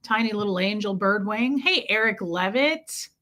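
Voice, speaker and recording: A woman's voice: mid-range voice, expressive, normal speed. A young adult woman hosting a casual livestream from home, chatty and friendly as she greets viewers by name. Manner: chatty, warm greetings, frequent laughs. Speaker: livestream host. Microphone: streaming setup mic.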